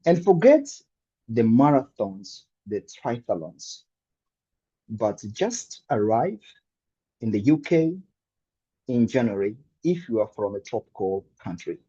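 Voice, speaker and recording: A man in his thirties from Angola, giving a prepared humorous speech as an animated storyteller with dramatic pauses. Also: mid-range voice, husky, muffled recording. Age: 30s. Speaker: club speaker.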